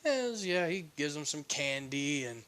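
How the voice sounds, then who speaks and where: A man's voice: fairly high pitch, sing-song, a little slow, a bit bright. A man telling a fan story in a casual, rambling improvised narration. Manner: rambling with fillers and restarts.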